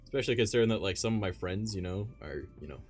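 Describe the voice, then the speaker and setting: A man's voice: lowish voice, lively intonation, very fast, soft background music. A man in his twenties, streaming and chatting casually, blunt and profane, laughing often. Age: 20s. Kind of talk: casual chat on a live stream.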